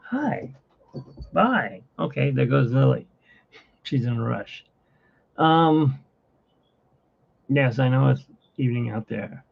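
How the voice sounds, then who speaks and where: A man's voice: medium pitch, animated, takes it slowly, gravelly, pauses often, husky. A man hosting a casual livestream from his phone, rambling and chatty with frequent laughs, in dull lo-fi phone audio. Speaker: livestream host.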